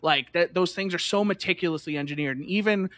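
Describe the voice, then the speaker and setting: A man telling a lively story in casual chat, full of "like" and acted-out voices. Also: high voice, fast talker. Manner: animated, fillers of "like", acts out voices.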